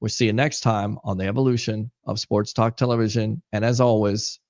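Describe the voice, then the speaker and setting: A man hosting a casual sports talk show, keeping his voice down in a near monotone. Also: fairly low pitch, a little fast, no echo. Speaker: host.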